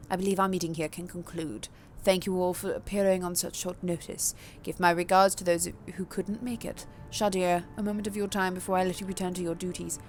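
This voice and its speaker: A woman's voice: lowish voice, fairly even intonation, a little fast, a little hiss or hum, close to an everyday voice. A woman voicing a stern, commanding vampire ruler with a formal, authoritative manner.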